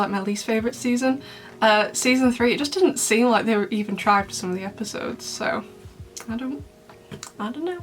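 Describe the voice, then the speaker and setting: Young woman YouTuber, bubbly and rambling, bright high voice over soft background music. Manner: chatty and bubbly, laughs often, rambling asides. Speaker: YouTuber reviewing fan memes. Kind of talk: casual chat to camera.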